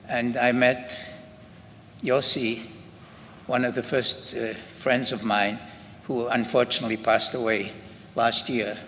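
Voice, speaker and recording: An older man from Scotland with a Scottish accent, giving halting personal testimony at a memorial ceremony, often restarting his sentences. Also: mid-range voice, bright, forceful tone. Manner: unhurried, halting, with frequent restarts. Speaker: Holocaust survivor speaker. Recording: long hall reverb with faint ambient noise.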